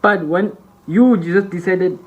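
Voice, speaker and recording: A man's voice: sits high, slow pace, muffled recording. A young man casually commenting in a reaction video, laid back and full of slang. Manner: laid-back slangy talk, frequent "bro" and "you feel what I'm saying".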